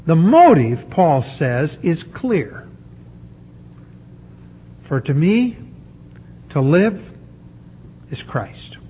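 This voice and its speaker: A man preaching a sermon, emphatic and deliberate, with dramatic pauses. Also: a little high, big pitch swings, highs cut off, a little hiss or hum.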